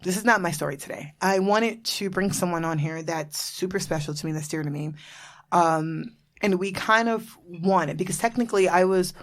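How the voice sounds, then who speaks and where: A woman's voice: fairly low pitch, normal speed. Bubbly, cursing woman podcast host. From Florida. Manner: bubbly, swears freely, laughs often. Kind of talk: casual chat.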